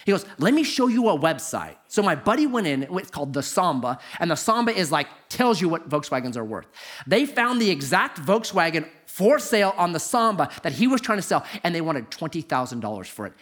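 Animated pastor with a swooping voice. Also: male voice, a little fast. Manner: animated storytelling, swoops from high to low. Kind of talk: sermon.

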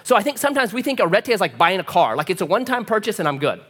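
Male pastor, lively pitched preaching voice, animated storyteller, long hall reverb. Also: rapid-fire. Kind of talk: sermon.

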